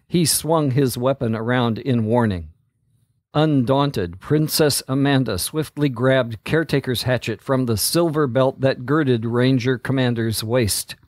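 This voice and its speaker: A man reading a story aloud as narrator, in a slow, steady delivery. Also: mid-range voice, dry recording, studio quality.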